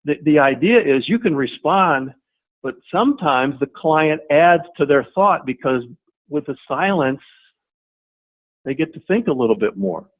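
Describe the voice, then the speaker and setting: A man's voice: a little high, animated, unhurried. A man leading a sales training webinar, talking conversationally, repeating himself and restarting, and acting out short replies. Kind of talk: webinar presentation. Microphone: webinar audio line. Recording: tinny phone-line audio.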